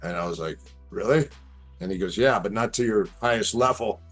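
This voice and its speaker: A man's voice: on the low side, fast talker, soft background music. A middle-aged man telling stories in a casual chat, acting out the lines people said to him. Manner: animated storyteller, acts out quoted lines. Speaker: guest.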